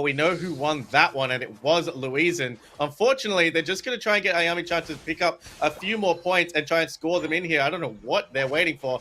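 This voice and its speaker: A man doing excitable play-by-play commentary for an esports match, calling the action quickly with big swings in his voice. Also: a little hiss or hum. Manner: fast excitable calls with pitch swings.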